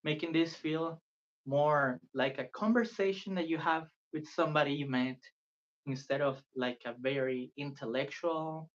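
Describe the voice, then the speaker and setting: On a live stream, a man teaches beginner Spanish at a moderate pace in a fairly high voice. He's patient and earnest, saying phrases again and again for the audience to imitate, all captured in dull lo-fi audio.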